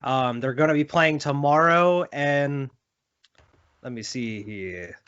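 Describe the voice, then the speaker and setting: A man's voice: mid-range voice, takes it slowly, a bit bright, muffled recording. Casual young man chatting sports. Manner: loose, filler-heavy, laughs often. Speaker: podcast co-host.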